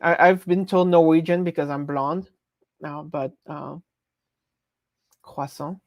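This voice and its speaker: A woman's voice: sits low, steady tone, a little slow, a little mellow, dry recording. A woman with a French accent chatting casually on a live stream, rambling and breaking off her own sentences. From France. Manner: rambling, chatty, self-interrupting.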